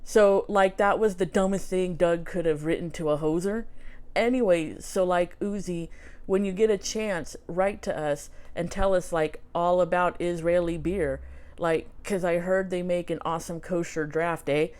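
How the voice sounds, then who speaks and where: Joking Canadian hoser guy, voiced by a woman, put-on Canadian accent, drawling delivery, slightly low. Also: fairly even intonation, moderate pace, darkish tone, clear, resonant tone, close to an everyday voice. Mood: goofy. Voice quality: drawling, heavy on "like" and "eh". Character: joking male Canadian hoser signing off a note.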